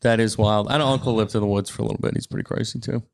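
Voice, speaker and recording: A comedian from Alabama tells stories in a relaxed podcast chat. His telling is lively, and he jumps into the voices of the people he describes. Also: fairly low pitch, very fast, creaky. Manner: animated storytelling with impressions.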